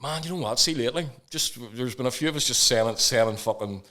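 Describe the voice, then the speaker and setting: A man co-hosting a podcast, rambling and repeating himself, quick to laugh. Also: mid-range voice, bright, forceful tone. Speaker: podcast co-host. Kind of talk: casual podcast banter.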